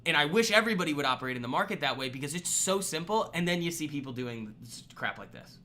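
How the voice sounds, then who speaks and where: A man's voice: fairly high pitch, animated, quick pace, sharp tone, a little hiss or hum. Blunt, exasperated trading streamer man. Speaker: trading livestream host. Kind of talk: live stream commentary.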